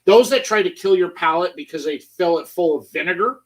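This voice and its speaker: Guy hosting, chatty and joking, higher voice, sounds a little far from the mic. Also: brisk. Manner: chatty, playful storyteller. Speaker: host. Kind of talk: casual chat.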